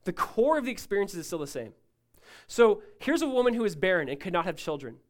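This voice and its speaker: A male pastor preaching a sermon, emphatic and rising loud, then dropping to a hushed tone, often asking listeners to follow along. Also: high voice, big pitch swings, brisk. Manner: asks the congregation to follow along.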